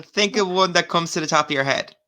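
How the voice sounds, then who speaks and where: A man's voice: on the high side, a little fast, pushed and bright. A man, co-hosting a casual podcast, laughing and prompting the others to tell their stories. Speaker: podcast co-host. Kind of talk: casual chat.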